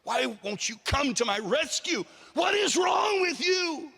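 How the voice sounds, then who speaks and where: A whiny, desperate man , as a preacher acts him out, begging and bargaining in a strained, very high voice that keeps tipping into shouts. His bright, tense tone rings through a long hall reverb. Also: sing-song, moderate pace, full character voice. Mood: indignant.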